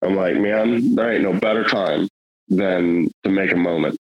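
A man's voice: low voice, a little slow, lo-fi sound. A middle-aged man telling a hunting story in casual, rambling, earnest talk, with many fillers and restarts.

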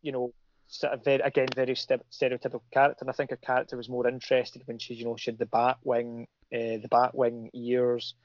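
A man's voice: mid-range voice, completely flat delivery, brisk, darkish tone, dry recording. A middle-aged man, a comic creator talking casually in a rambling way, full of restarts and fillers. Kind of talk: casual chat. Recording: dull lo-fi audio.

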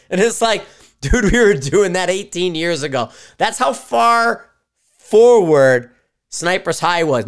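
Profane, animated man hosting a podcast. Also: high-pitched. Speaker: podcast host. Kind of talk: casual rambling monologue. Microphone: live stream mic.

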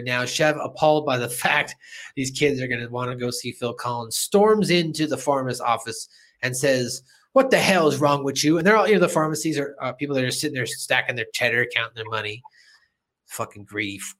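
A man's voice: medium pitch, a little fast, fairly bright tone. Man, podcast host, casual recap, chatty, laughs a lot. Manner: chatty, laughs often, acts out quotes.

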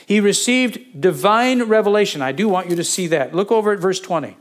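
A man with a fairly high voice preaches a Bible sermon. He teaches in a conversational way, adding asides, correcting himself, and quizzing his congregation as he goes. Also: expressive, brisk, hardly any pauses. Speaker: pastor.

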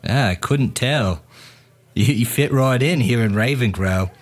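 A man's voice: medium pitch, unhurried, lightly acted. Sarcastic barroom woman, teasing, raised voice, played by a man. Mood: mocking. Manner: teasing, mocking.

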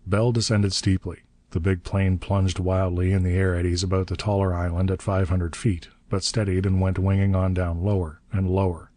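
A man reads a novel aloud in a steady, measured way. His voice is very deep and dark in tone. The recording is dry and close, with no room sound. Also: no room sound. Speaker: narrator. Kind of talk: audiobook narration.

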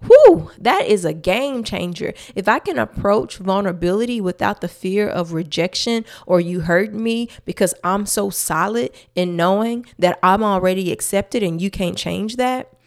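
A woman's voice: mid-range voice, gravelly. A woman hosting a faith-based podcast, talking earnestly and emphatically straight to her listeners. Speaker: podcast host.

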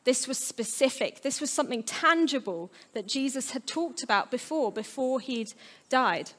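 A woman's voice: high voice, lively intonation, moderate pace, a bit bright. Earnest woman preaching. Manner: earnest, storytelling, playful asides. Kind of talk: sermon.

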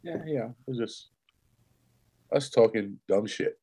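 A man's voice: medium pitch, animated, a little slow, mellow, breathy edge. A man co-hosting a podcast, joking around in casual banter and swearing freely. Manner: profane, joking, laughs often. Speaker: podcast co-host.

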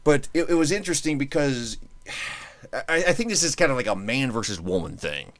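A very animated man with a medium-pitched voice hosts his own podcast at a normal speed, with no echo on the audio. He chats casually, rambling, joking, and interrupting himself to restart his sentences.

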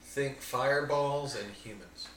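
A man's voice: mid-range voice, takes it slowly. A man joking around as a player in a tabletop game, with exclamations and wisecracks. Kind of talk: casual game chat. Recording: distant, echoey room, noise.

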